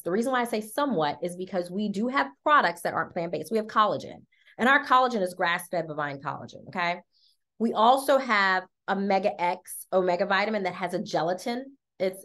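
A chatty woman talks up a wellness product with upbeat energy. Her voice sits at a middle pitch, and she keeps checking in with her listeners with "okay?" and "y'all.". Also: a bit bright. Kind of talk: casual sales talk.

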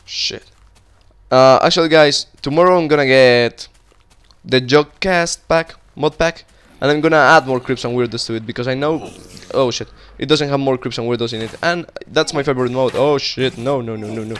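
A young man commentating his game casually, cursing a lot and yelling in panic when monsters show up. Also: medium pitch, moderate pace, clear, resonant tone. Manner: casual, swears often, cries out in panic at monsters. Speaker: gaming YouTuber. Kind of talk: Minecraft let's play commentary.

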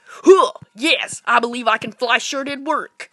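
A woman giving goofy, playful commentary while playing retro games, jumping between whispers, squeals and shouts. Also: a little high, expressive, normal speed, no echo. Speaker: gameplay commentator. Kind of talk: casual let's-play commentary.

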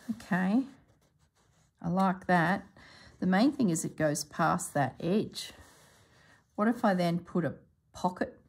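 A woman hosting a sewing vlog who thinks aloud as she works, musing to herself in a soft, half-whispered voice. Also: on the low side, vocal fry, slightly rough. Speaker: sewing channel host.

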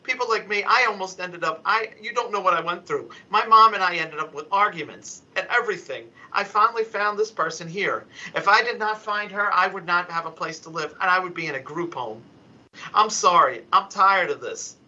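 A man giving emotional, halting testimony at a council hearing, stumbling and restarting as he pleads his case over a remote call. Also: high voice, sharp tone, highs cut off. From Philadelphia, US. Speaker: public commenter at a council hearing. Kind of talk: impassioned unscripted testimony.

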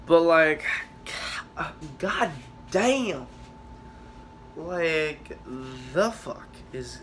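A man's voice: on the high side, bright, forceful tone, slight background noise. A young man telling casual stories on his vlog, rambling and swearing, with lots of fillers and restarts. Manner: rambling, profane, halting with many fillers. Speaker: vlogger.

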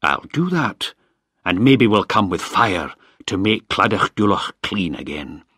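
A man reading a story aloud, voicing a dependable local who speaks slowly and grimly. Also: on the low side, sing-song, pushed and bright, slightly rough, no room sound, studio quality, full character voice. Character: dependable male local boatman, grim.

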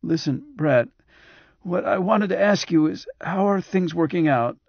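A frail cyborg man in a hospital bed, voiced by a male narrator, speaking in a reedy, strained whisper, higher than the reader's own voice. He talks slowly and hesitantly, with a faint resentful edge. The recording is dry and a little dull. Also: expressive, slightly rough, no echo, full character voice. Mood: weak.

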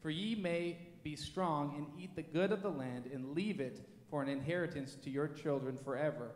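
A man reading scripture aloud in a measured, formal way during a church service. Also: fairly high pitch, a little mellow. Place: church sanctuary. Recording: echoey church hall.

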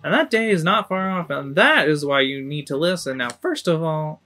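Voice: mid-range voice, expressive, moderate pace, pushed and bright. A game streamer voicing a cranky, bossy old tribal elder woman who lectures and scolds. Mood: scolding.

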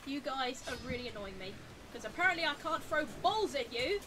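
A woman giving chatty live commentary while she plays a video game, talking to the game and rising into flustered high squeals. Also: animated, fairly quick, background noise. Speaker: game streamer.

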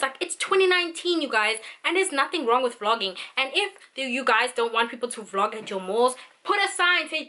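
A woman's voice: high voice, lively intonation, normal speed, few pauses, sharp tone. A young South African woman vlogging, ranting in an exasperated way with lots of fillers. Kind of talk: venting vlog monologue.

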